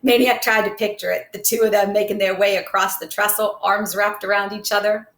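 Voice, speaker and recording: A woman reading a novel aloud in a steady storybook narration. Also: medium pitch, brisk. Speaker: reader. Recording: roomy echo.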